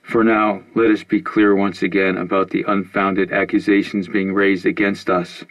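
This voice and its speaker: A man's voice: low-pitched, flat delivery, moderate pace, close to an everyday voice, poor audio. A man reading as a stern female news anchor. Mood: stern, formal. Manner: loud, formal, declaiming.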